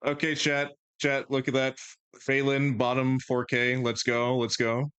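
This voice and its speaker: A male streamer chatting live. He is excitable and teasing, with quick, stammered restarts and frequent laughs. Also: medium pitch, smooth. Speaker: streamer host.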